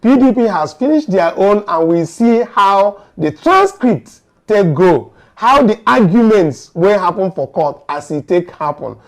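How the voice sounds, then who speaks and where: A Nigerian man recapping the news as a commentator, animated and acting out exchanges, with hesitant fillers between points. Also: sits high, a little slow. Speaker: political commentator.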